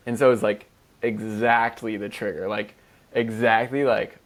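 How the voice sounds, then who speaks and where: A man's voice: lowish voice, level tone, measured pace. A man co-hosting a podcast in casual chat, talking loosely with lots of swearing and "like" fillers. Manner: loose, profane, heavy "like" fillers. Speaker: podcast co-host.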